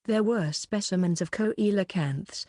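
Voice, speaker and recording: A woman narrating a novel in the first person, with a steady, even reading. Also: medium pitch, measured pace, no echo, studio quality. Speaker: audiobook narrator.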